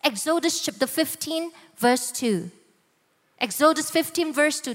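A woman preacher giving a dramatic sermon, slowing down for emphasis and acting out the voices of people in the story. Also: high voice, lively intonation, a bit bright, in a large hall. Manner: dramatic, slow emphatic delivery with voiced quotes.

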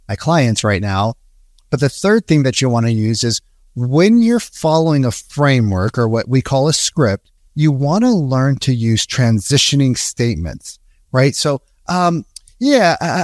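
A man's voice: mid-range voice, no room sound, clean studio sound. A man giving casual sales coaching. He talks conversationally, often checks in with "right?" and acts out sample calls. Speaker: sales trainer.

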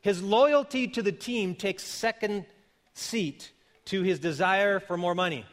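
A man's voice: high-pitched, unhurried. A man in his fifties preaching a sermon as a pastor, talking in an earnest, conversational way with frequent restarts. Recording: long hall reverb.

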